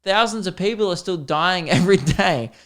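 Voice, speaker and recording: Australian man in his twenties, solo podcast rant, smooth tone, self-deprecating. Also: sits high, lively intonation, moderate pace, a bit bright. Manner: sweary, rambling and self-deprecating. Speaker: podcast host and comedian.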